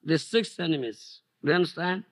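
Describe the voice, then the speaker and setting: A middle-aged man with an Odia accent giving a devotional lecture, checking on his listeners and breaking into loud chanted verses. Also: fairly high pitch, fairly quick. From India. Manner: animated, repeats "Do you understand?", breaks into loud chanted verses. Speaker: spiritual teacher giving a lecture. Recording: 1991 archival lecture tape.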